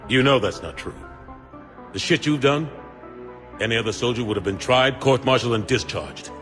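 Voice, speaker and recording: A man playing a steady older fleet admiral. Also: medium pitch, normal speed, faint music behind, lightly acted.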